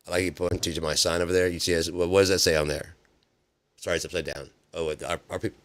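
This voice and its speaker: A man's voice: deep voice, steady tone, brisk, a bit bright. A man hosting a livestream, ranting about politics in a profane, sarcastic way with many restarts. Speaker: livestream host. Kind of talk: casual political rant on a livestream.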